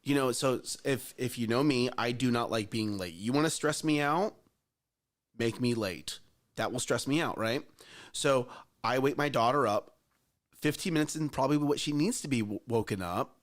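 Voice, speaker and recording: A man's voice: mid-range voice, normal speed. Earnest middle-aged man host. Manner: earnest, emphatic, challenges listeners. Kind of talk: casual chat.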